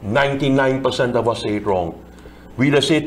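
Male pandit, chants verses then explains them line by line, mid-pitched voice. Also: normal speed, slight background noise. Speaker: Hindu pandit discussing scripture. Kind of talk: religious discussion, reciting Sanskrit verses.

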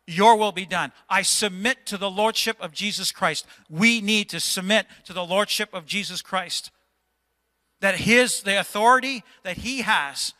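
A man's voice: high-pitched, sharp tone. A man preaching a stern, exhorting sermon as pastor of a church, at times raising his voice in rebuke. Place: church sanctuary. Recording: long hall reverb.

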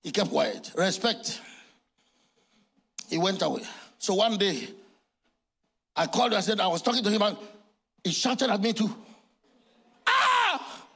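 Man in his 60s, Nigerian accent, church sermon, very high-pitched, husky tone. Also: moderate pace, pauses often. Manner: animated storytelling, acting out dialogue, often shouting. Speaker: pastor.

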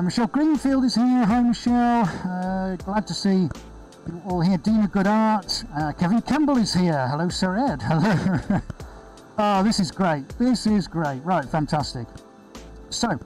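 Guy running a live painting stream, kinda high voice, chatty and upbeat, rambles a lot. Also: a little mellow, poor audio. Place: indoor studio floor with extractor fan.

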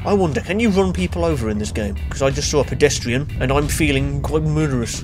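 A man's voice: on the high side, moderate pace, music in the background. A young British man giving sarcastic, sweary commentary on his gameplay, talking back to the game and breaking into shrieks and laughter. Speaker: gaming YouTuber.

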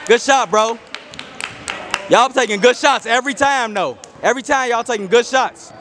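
A young man cheering a basketball team from the sideline, joking and shouting loud encouragement in an indoor gym. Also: very high-pitched, normal speed. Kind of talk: casual sideline banter. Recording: noisy crowded gym. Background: crowd noise and bouncing balls.

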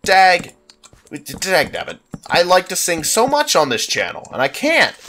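A man's voice: fairly high pitch, wildly swooping pitch, normal speed, sharp tone, faint music behind. A man with a congested, sinus-stuffed voice giving rambling, self-mocking let's play commentary at a desktop microphone. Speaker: gaming YouTuber.

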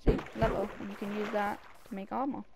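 A male gaming creator giving casual gameplay commentary from a desk mic, chatty, with sudden excited shouts at an in-game cat. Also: high-pitched, a little fast, over loud music.

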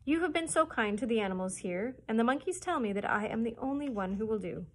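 A woman's voice: fairly high pitch, expressive, quick pace. A woman voicing a shy, courteous two-headed creature in a storybook read-aloud. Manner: timid, courteous.

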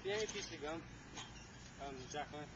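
A man's voice: a little high, quick pace. A young man filming at home outdoors, teasing his friends and chatting loosely on a call, saying "dude" a lot. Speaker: person filming a home video. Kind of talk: casual home-video chatter. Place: backyard with a trampoline, outdoors. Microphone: handheld camcorder mic. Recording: muffled camcorder audio with background noise.

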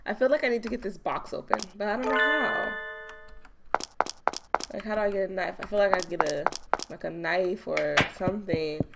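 Loud music and clicking background noise sit behind this woman's creaky, mid-range voice at normal speed. She's a let's play gamer talking to viewers through a horror game, jumpy and heavy on profanity.

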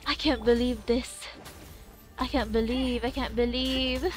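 A young woman, livestreaming a game in casual chat, excitable and cursing with sudden loud outbursts. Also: fairly high pitch, measured pace, faint music behind. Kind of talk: casual gaming stream chat.

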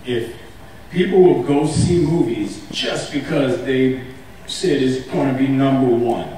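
A man on a convention stage telling funny stories in a casual, animated way, laughing and acting out what people said. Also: medium pitch, measured pace, a little hiss or hum. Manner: animated, laughing, acts out quotes with a raised voice. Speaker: actor on a convention stage panel. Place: large convention hall. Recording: echoey hall, mic heard from a distance.

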